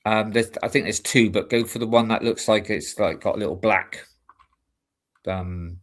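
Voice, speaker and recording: A UK man with a voice on the low side, speaking at normal speed, hosts a live stream show and also acts on the amateur stage. His casual chat rambles, with many fillers and restarts.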